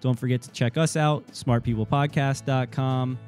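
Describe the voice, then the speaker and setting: Relaxed man in his twenties, mellow voice. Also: mid-range voice, normal speed, soft background music. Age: 20s. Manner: relaxed, laughing, lots of "like". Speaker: podcast co-host. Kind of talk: casual interview chat.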